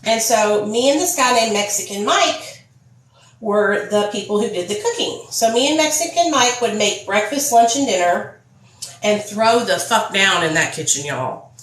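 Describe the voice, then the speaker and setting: A woman's voice: medium pitch, lively intonation, normal speed, fairly bright tone, echoey room, poor audio. A young woman vlogger chatting candidly and swearing freely as she tells her story while doing her makeup. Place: indoor room, phone ringing.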